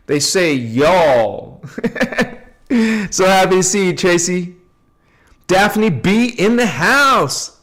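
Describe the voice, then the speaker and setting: High-pitched, animated man hosting a livestream. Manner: playful, laughs often, greets viewers by name; relaxed and unhurried. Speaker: livestream host. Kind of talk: casual spiritual livestream chat.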